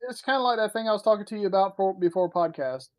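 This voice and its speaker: A podcast host in casual chat, crude and joking, reading chat comments aloud. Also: male voice, high voice, animated, fast, a little mellow.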